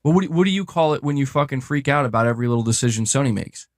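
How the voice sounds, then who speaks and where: A man's voice: medium pitch, expressive, racing, no room sound, studio quality. A young man co-hosting a livestream, complaining in exasperated, profane casual chat. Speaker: livestream co-host.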